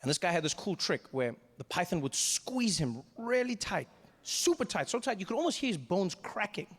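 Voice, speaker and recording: A man's voice: high-pitched, normal speed. A man from South Africa with a South African accent telling a stand-up story, acting out the people in it. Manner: animated, acts out characters, self-deprecating. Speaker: stand-up comedian.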